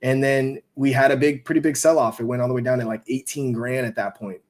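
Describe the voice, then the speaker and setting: A man's voice: medium pitch, steady tone, fast talker. A man hosting a live stream, talking about crypto markets in a loose, rambling way, with lots of fillers and swearing. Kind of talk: casual live-stream chat.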